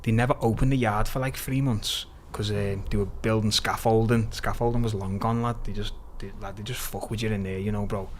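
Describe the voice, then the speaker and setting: A young man from Liverpool with a Liverpool accent, a podcast guest telling stories in animated, sweary, slang-heavy casual chat. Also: fairly low pitch, fairly quick, hardly any pauses, a little hiss or hum.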